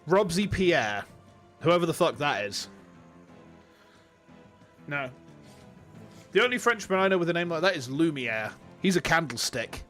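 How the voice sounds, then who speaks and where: A man's voice: fairly high pitch, very animated, a little slow, long pauses, a bit bright, faint music behind. Chatty Yorkshire man streaming. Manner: chatty, jokey, laughs often. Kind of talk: casual livestream chat with viewers.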